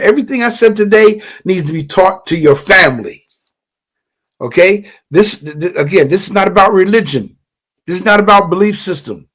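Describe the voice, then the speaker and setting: An older man giving an impassioned livestream teaching in a fervent, preachy way, often stammering and repeating words. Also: a little high.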